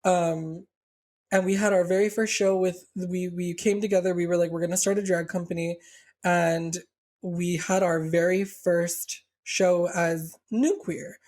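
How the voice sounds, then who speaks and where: A young man with a South Texas accent, co-hosting a casual podcast chat, talking freely with lots of "like" fillers and quick restarts. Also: high voice, level tone, darkish tone. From Rio Grande Valley, South Texas. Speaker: podcast co-host, drag performer.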